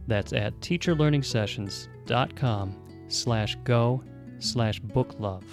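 A man reading podcast announcements in a clear, measured way. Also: mid-range voice. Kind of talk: scripted announcement. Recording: music bed under voice.

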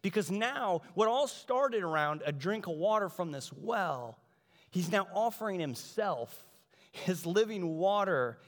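A man preaching a sermon in a conversational, animated way, acting out the voices of the people in the story. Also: high voice. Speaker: pastor. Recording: large hall reverb.

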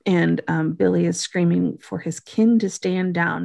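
A woman's voice: lowish voice, steady tone, measured pace, vocal fry, darkish tone. A woman co-hosting a podcast, chatting and reacting as she recaps a TV episode. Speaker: podcast co-host. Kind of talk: casual recap chat.

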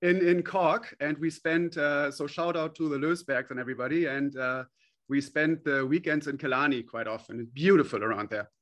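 A man's voice: on the high side, normal speed, fairly bright tone. A man being interviewed as a company CEO, answering earnestly with frequent hesitations and restarts.

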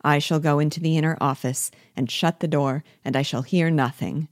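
A woman's voice: low voice, fairly even intonation, no echo, clean studio sound, lightly acted. A woman reading as a patronizing stern husband. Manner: measured, condescending and soothing.

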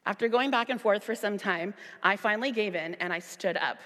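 A young woman delivers a sermon woven with her own testimony, speaking earnestly and climbing into emphatic, high-pitched bursts when she retells her arguments. Her voice sits in a middle pitch for a woman. It rings out with a long reverb, as if spoken in a large hall. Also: a little fast, hardly any pauses, a bit bright. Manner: earnest, rising to emphatic high peaks in retold dialogue. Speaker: worship leader.

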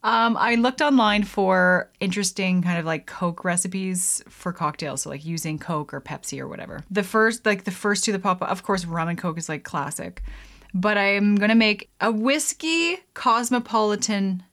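A woman's voice: mid-range voice, normal speed, a bit bright. A woman vlogging as she mixes a drink at home, chatting casually to her viewers, rambling with lots of "like" and "um", giggling and poking fun at herself. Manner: giggly, rambling, self-deprecating, many "like"s and "um"s. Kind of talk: casual chat to camera.

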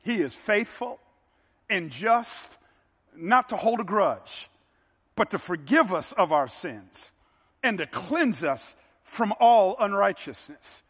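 A man preaching a sermon in a bright, high tenor that cuts through the room. He climbs steadily toward forceful, emphatic peaks. His voice carries a long hall reverb around it. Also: animated, takes it slowly, slightly rough. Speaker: pastor.

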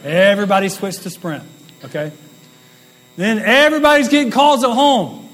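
A man's voice: high-pitched, expressive, brisk, a bit bright, rough recording. A man in his late forties, from the Southern United States, giving a rambling, self-deprecating storytelling talk as a guest business speaker. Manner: rambling, folksy and self-deprecating, with asides and laughs.

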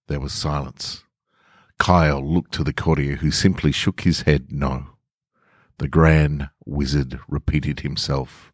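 A man reading a story aloud in measured, deliberate scripted narration. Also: rumbling low, fairly even intonation, no echo, clean studio sound.

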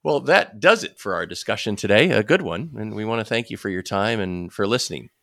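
A man's voice: on the low side, fairly quick, gravelly, dry recording, clean studio sound. A man co-hosting a faith podcast, speaking reflectively with frequent restarts before signing off the show. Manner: reflective, stammering restarts, lively delivery. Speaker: podcast co-host. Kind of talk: faith-based podcast talk and sign-off.

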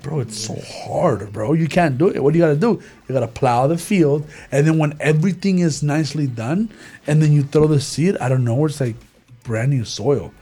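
A young man in a casual church group discussion, talking in an animated, slangy way with many fillers and restarts. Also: fairly high pitch, fairly quick, breathy edge, faint music behind. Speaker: church youth group member.

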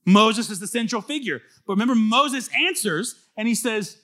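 A young pastor delivering a casual, animated sermon to his congregation. His voice sits a bit high for a man and rings bright and forceful, and he drops into quick acted-out dialogue to make his points. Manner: animated, conversational, acts out quoted voices.

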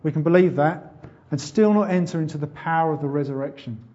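A man preaching a sermon, asking rhetorical questions and building up to loud, fervent appeals. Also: a little high, brisk, lo-fi sound.

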